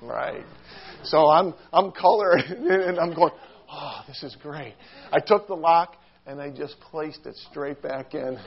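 Animated storytelling preacher, slightly high voice. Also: male voice, measured pace, lo-fi sound. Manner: animated, self-mocking, acts out quotes with squeals and shouts. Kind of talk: sermon storytelling.

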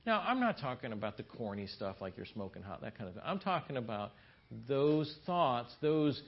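A man in the middle pitch range teaches a church marriage seminar, telling homely stories with a folksy, conversational touch. He often restarts his sentences and adds asides as he talks to the room. The recording sounds a little dull and low in fidelity. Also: big pitch swings, normal speed.

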